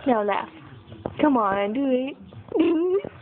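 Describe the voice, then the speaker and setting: Young mom, high lively baby talk, tinny phone recording with noise. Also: female voice, slow pace. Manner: sing-song, coaxing, repetitive. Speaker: mother filming her baby. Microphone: phone camera.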